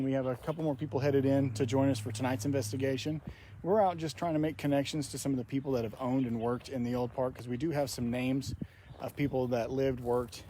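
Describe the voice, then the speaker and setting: Soft-spoken man in an outdoor cemetery. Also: mid-range voice. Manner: soft-spoken, reverent, reads names aloud. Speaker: paranormal investigator host. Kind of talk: casual walking vlog narration. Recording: faint outdoor noise.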